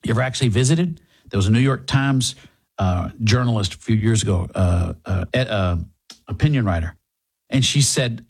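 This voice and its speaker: Impassioned husky talk radio host. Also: male voice, on the low side, expressive, moderate pace, a little mellow. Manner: impassioned, mocking, rhetorical questions. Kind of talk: political talk radio monologue.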